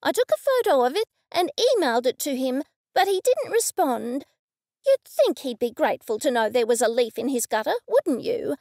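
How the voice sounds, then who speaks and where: A woman voicing a fussy, complaining older female neighbour in a storybook reading, with a shrill, nosy, whiny manner. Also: sing-song, moderate pace, a little mellow, dry recording, clean studio sound.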